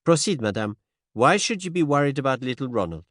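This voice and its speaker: A man's voice: mid-range voice, big pitch swings, fairly quick, a bit bright, dry recording, clean studio sound, pitched above the performer's own voice. A man reading the part of a fussy, precise older detective who slips French words into formal speech. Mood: courteous.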